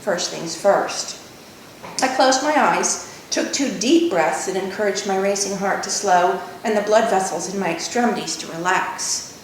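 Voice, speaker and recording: A woman author reads her own novel aloud in a measured first-person voice. The mic is distant, the room rings with echo, and a faint low rumble sits underneath.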